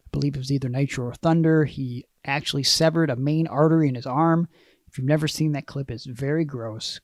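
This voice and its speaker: A man's voice: fairly high pitch, darkish tone, dry recording. A man hosting a casual podcast, recounting wrestling history at length with dry asides. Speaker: podcast host.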